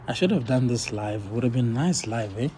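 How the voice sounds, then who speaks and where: A man's voice: mid-range voice, expressive, normal speed, mellow, a little hiss or hum. A laid-back man casually commenting on his forex trades while sharing his screen, talking half to himself as he watches the charts.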